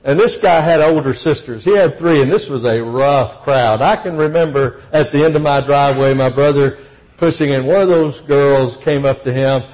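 A middle-aged man preaching a sermon, telling personal stories and moving between soft, low reflection and raised, excited retelling. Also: normal speed, dull audio. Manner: storytelling, swings from soft and low to high and excited.

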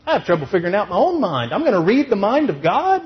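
A man's voice: high voice, quick pace. A man preaching a sermon, firing rhetorical questions and then answering them himself. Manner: emphatic rhetorical questions, then calmer and gentle. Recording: dull lo-fi recording.

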